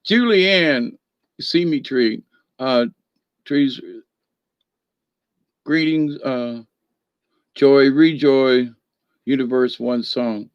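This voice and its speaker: A man from the northern US speaks extremely slowly with long pauses in a smooth, medium-pitched voice, the audio dull but free of echo. Hosting a rambling spiritual livestream, he reads viewer comments, greets people by name, and laughs often in a folksy, feisty way.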